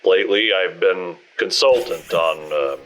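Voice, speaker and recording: A proud retired police captain, played by a man at a tabletop game stumbles over his words, flustered. His voice sits fairly low. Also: a little slow, a bit bright, poor audio. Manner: stammering.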